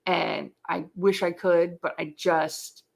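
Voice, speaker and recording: A woman's voice: lowish voice, level tone, slow pace, gravelly. A middle-aged woman telling her story as an interview guest, candid and casual, swearing freely and filling her talk with "like". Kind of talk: casual chat.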